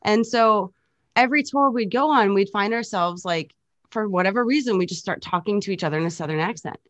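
A woman's voice: medium pitch, a little fast, no room sound. A young woman, a DJ and producer, chatting casually in an interview and explaining technical details as she tells stories. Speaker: DJ and music producer, guest.

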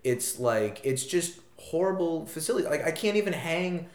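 A man's voice: a little high, animated, normal speed. A young college-age man co-hosting a podcast, swearing freely and ranting with emphasis in casual chat. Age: young adult. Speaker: podcast co-host. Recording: echoey room.

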